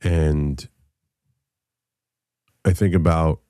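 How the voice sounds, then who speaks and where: A man in his thirties telling a personal story in a candid, profane way, halting often with fillers. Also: a bass voice, steady tone, warm tone, smooth, dry recording, clean studio sound. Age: 30s.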